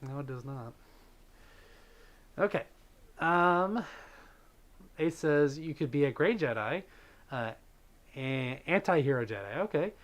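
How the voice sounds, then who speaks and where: A man's voice: a little high, animated, slow pace, long pauses. A man hosting a livestream, chatting casually with viewers, reading their messages and thanking donors, with plenty of fillers. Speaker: livestream host.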